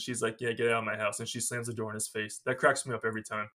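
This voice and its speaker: A man's voice: medium pitch, flat delivery, rapid-fire, pushed and bright. A man co-hosting a podcast, casually retelling a film's plot and laughing often as he goes. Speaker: podcast co-host. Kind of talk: casual film recap chat.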